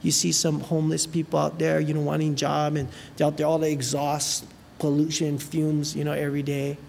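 A preacher delivers an animated sermon, retelling a story with casual asides and many fillers. His mid-range voice moves a little fast with some vocal fry, ringing through a large hall with long reverb over faint underlying noise.

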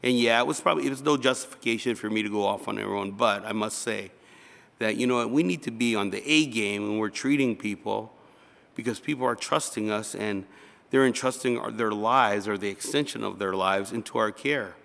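A man's voice: fairly low pitch, fairly quick, gravelly, fairly bright tone. A male pastor giving a conversational sermon, acting out little dialogues. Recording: reverberant hall.

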